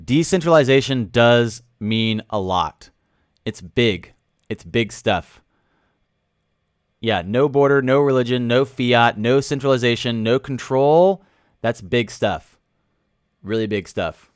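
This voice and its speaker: A man hosting a casual livestream, reading chat comments aloud, joking with viewers and breaking into loud sudden outbursts. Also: medium pitch, slow pace, long pauses, clear, resonant tone, no room sound, clean studio sound. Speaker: livestream host. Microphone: studio microphone.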